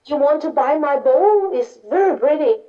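A woman's voice: high-pitched, animated, normal speed, voice pushed up. A woman voicing an eager, chatty village woman selling a bowl in a story. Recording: dull lo-fi recording.

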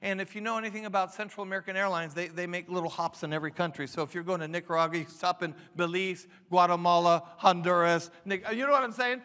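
A man's voice: sits high, steady tone, fast talker, hardly any pauses, pushed and bright, clean tone. A pastor in his fifties preaching a sermon, emphatic, with frequent restarts and rising questions. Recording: long hall reverb.

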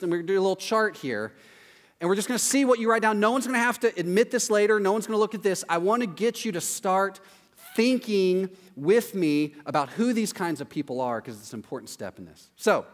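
A man preaching a sermon in a conversational way, often adding quick "right?" asides. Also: sits high, animated, in a large hall. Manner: conversational, acts out quoted voices, frequent "right?" asides. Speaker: pastor.

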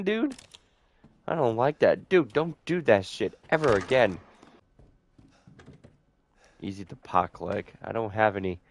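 A young man giving casual let's-play commentary, joking, swearing a lot and letting out sudden loud whoops. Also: mid-range voice, a little hiss or hum. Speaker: gameplay streamer.

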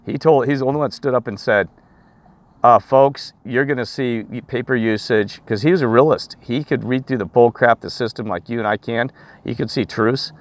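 A man's voice: mid-range voice, moderate pace. A man ranting outdoors to his viewers in a rambling, preachy, emphatic way. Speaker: vlogger. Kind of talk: rambling rant to camera.

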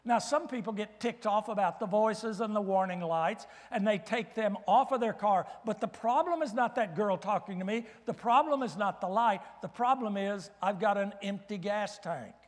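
An older man giving a guest sermon in a church, telling folksy stories with gentle humor. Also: high-pitched, moderate pace, few pauses, in a large hall. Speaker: guest preacher. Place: church sanctuary.

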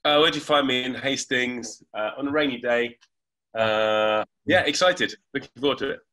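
A man talks as an interview guest over a remote call, eager and animated. His voice is bright and forward, and he explains in long, thoughtful runs broken by fillers. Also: medium pitch, moderate pace. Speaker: guest, reverend and hypnotherapist.

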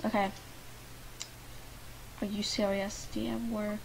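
A woman from Lithuania with a Lithuanian accent, giving chatty gameplay commentary and talking to the game characters, at times muttering and at times loudly protesting. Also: medium pitch, level tone, unhurried, gravelly, slight background noise. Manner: chatty, talks to the game characters, swings from mumbling to loud protests. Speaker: gaming YouTuber. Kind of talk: life-sim gameplay commentary. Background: faint game music.

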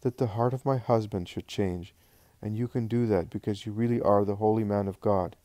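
A humble, unhappy wife, read by a man in a devotional storybook reading. She pleads earnestly in a low, dark voice. The sound is dry and close. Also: steady tone, moderate pace, dry recording, close to an everyday voice. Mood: pleading. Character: poor Samaritan woman, unhappy wife, pleading.

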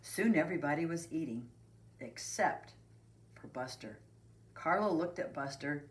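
A woman preschool teacher reads a picture book aloud to young children. She speaks very slowly in a lowish voice that climbs and dips with expression. She stops to talk directly to the kids. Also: lively intonation.

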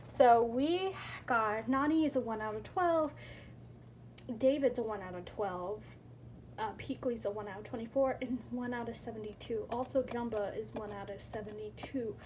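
A woman chatting casually through a toy unboxing, gushing and squealing with excitement and dropping to soft whispers between reveals. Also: on the high side, normal speed, slight background noise.

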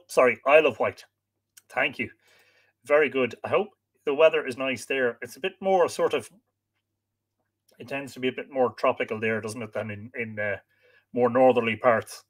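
Irish male stream host, slightly higher voice, easygoing chat, reads viewer names aloud and trips on a few. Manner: friendly, chatty, stumbles over names. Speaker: livestream host. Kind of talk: casual chat, greeting viewers.

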